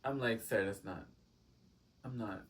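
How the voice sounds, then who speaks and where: A young man telling a casual, gossipy story time, full of "like" fillers and animated quoted exchanges. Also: on the low side, unhurried, distant mic.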